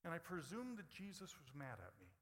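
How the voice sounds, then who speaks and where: A male preacher delivers a sermon in a fairly high, forceful, bright voice. He shifts from hushed, intimate phrasing to loud, emphatic bursts. The sound carries a long hall reverb. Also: wildly swooping pitch, brisk, a little hiss or hum. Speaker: pastor.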